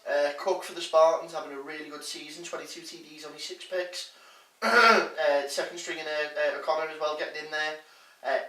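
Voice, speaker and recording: A man's voice: on the high side, sharp tone. A man co-hosting a casual comedy sports chat, working through statistics with frequent hesitations. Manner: rattles off statistics with filler hesitations. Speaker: co-host giving sports stats. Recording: echoey room, mic at a distance.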